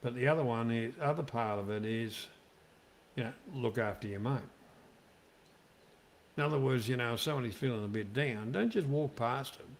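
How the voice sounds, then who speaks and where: A man's voice: medium pitch, moderate pace, pauses often, a little hiss or hum. A man with an Australian accent chatting casually, blunt and profane as he airs strong opinions. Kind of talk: casual chat.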